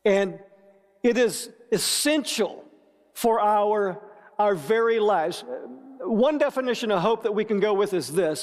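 A man preaching a sermon as pastor, deliberate and measured, with playful asides to the congregation. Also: high voice. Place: church sanctuary with long reverb. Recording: echoey church hall.

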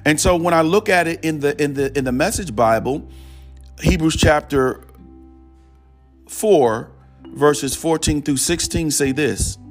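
A man's voice: on the high side, measured pace, long pauses, faint music behind. A man preaching in a conversational storytelling style, often repeating "he said" as he goes. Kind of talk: storytelling sermon.

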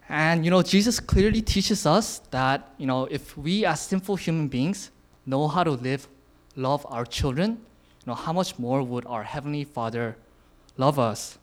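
A man in his twenties giving an informal sermon, casual, with lots of filler words and frequent chuckles. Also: fairly high pitch. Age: 20s. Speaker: youth speaker sharing a message.

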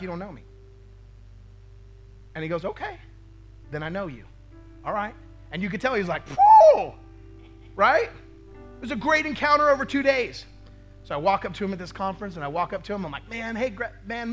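A man's voice: high voice, a bit bright. A male pastor preaching a sermon, telling a story with acted-out quotes and frequent "right?" asides to the congregation.

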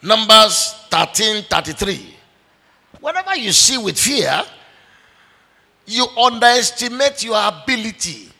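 A man's voice: high-pitched, creaky, pushed and bright. A man, a pastor preaching a sermon with animation and acting out the dialogue of a story. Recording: echoey hall with long reverb.

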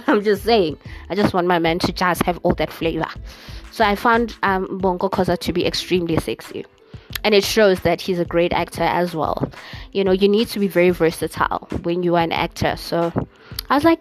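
A woman's voice: medium pitch, expressive, a little slow, soft background music. Chatty woman gushing to listeners. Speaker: podcast host. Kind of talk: casual chat.

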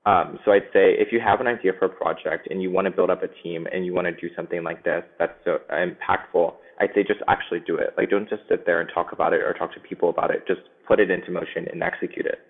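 A man's voice: sits low, steady tone, quick pace, few pauses. A man, a guest on a podcast, giving earnest advice in casual chat. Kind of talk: casual interview. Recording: tinny phone-like line.

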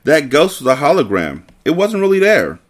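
A man voicing a calm stepmother who soothes a frightened child. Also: on the high side, moderate pace, voice pushed up. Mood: soothing. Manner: soothing, calls kids honey.

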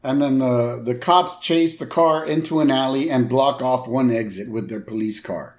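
A man's voice: medium pitch, normal speed. A man co-hosting a podcast, casually recapping a cartoon episode with many short agreeing replies. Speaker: podcast co-host.

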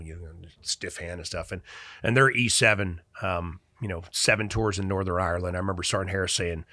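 A man in his forties, a military veteran guest, telling stories casually in an animated, profane way with laughter. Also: deep voice, dry recording. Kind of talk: casual storytelling.

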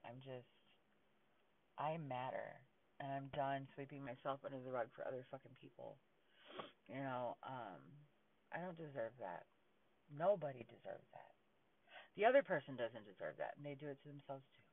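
A man's voice: medium pitch, moderate pace, creaky. Defiant man on a tinny phone line. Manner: profane, defiant. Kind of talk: blunt personal monologue. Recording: distant tinny phone-like sound.

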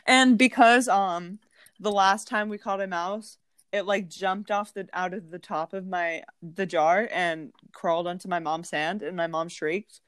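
A woman co-hosting a podcast who tells family stories in a casual, animated way, full of "like", and often acts out the other people's voices. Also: on the low side, a little slow, clear, resonant tone, dry recording. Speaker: podcast co-host. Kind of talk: casual storytelling chat.

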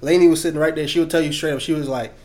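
A man with a high voice tells stories at a quick clip, full of slang and energy. He chats casually about writing and singing every part of his own song. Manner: fast, excited storytelling with slang. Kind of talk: casual chat.

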